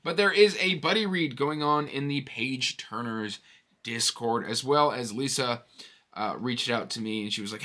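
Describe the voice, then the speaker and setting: A man in his thirties hosting a casual book vlog, chatty and rambling, with animated asides. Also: medium pitch, moderate pace. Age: 30s. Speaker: book channel host.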